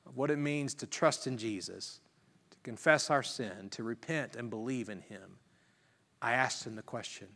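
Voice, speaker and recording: Pastor telling a story in a big hall. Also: male voice, fairly high pitch, a bit bright. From Virginia. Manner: storytelling, earnest, rising to emphatic preaching. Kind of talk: sermon testimony. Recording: reverberant hall.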